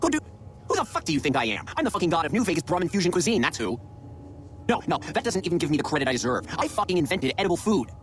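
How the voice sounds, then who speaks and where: An actor playing a foul-mouthed, abusive head chef who rants and then sinks into self-pity, in a game. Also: male voice, fairly high pitch, big pitch swings, very fast, a little hiss or hum. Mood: ranting. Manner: ranting, profane, self-pitying. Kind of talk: video game voice acting.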